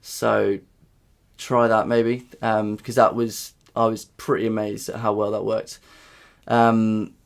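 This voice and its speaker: A man's voice: lowish voice, level tone, slow, vocal fry. A young man talking casually to camera in a vlog, rambling with lots of fillers and restarts. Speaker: vlogger.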